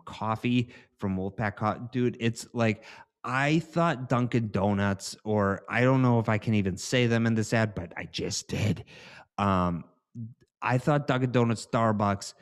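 A man hosting a podcast, reading sponsor spots in a loose, giggly, rambling way. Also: medium pitch. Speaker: podcast host. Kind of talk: casual sponsor read.

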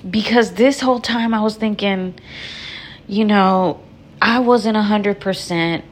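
A young woman chatting candidly and profanely to her viewers, sore from surgery and holding back laughter. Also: medium pitch. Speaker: vlogger recounting her birth. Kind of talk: casual storytelling to viewers.

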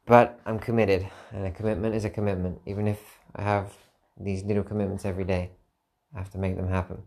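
A man with a fairly low voice speaks alone as a podcast host, tired and unguarded. He rambles reflectively and circles back over the same phrases to press his point home. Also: flat delivery, quick pace, gravelly, darkish tone. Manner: candid, rambling, repeats phrases for emphasis. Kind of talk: reflective solo monologue.

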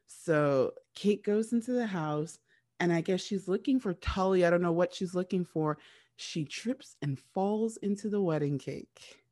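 A woman co-hosting a podcast, casually and excitedly retelling a TV episode, stumbling over and repeating words as she goes. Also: on the low side, unhurried, no echo, studio quality. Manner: animated, repeats words while retelling scenes. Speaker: podcast co-host recapping a TV episode. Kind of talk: casual chat.

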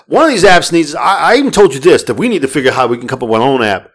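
A man co-hosting a podcast, ranting in casual chat with plenty of swearing. His voice sits a little higher than most men's. He talks in an animated, profane way. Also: very fast. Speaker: podcast co-host.

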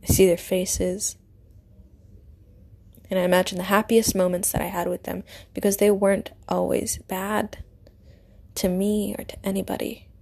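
A young woman speaking to her viewers about her faith and her family. Her voice sits at an ordinary middle pitch, and her delivery is earnest and emotional. She often lets it sink to a hushed whisper. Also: level tone, normal speed, gravelly, pauses often, breathy edge. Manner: heartfelt and emotional, often dropping to a soft whisper. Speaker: vlogger. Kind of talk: personal faith-based storytelling.

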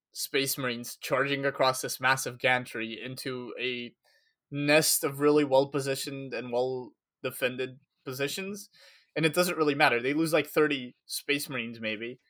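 A man's voice: medium pitch, steady tone, a little slow, a bit bright. Rambling man recapping a story. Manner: rambling, lots of fillers and acted quotes. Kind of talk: casual chat recapping a story.

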